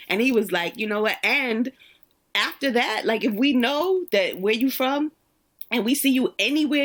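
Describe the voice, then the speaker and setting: A woman from Brooklyn hosting a podcast, telling stories in a lively, casual way and often laughing. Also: on the high side. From Brooklyn, New York. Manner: animated, laughs often, acts out quoted people. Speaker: podcast host, social worker. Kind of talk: casual conversational storytelling.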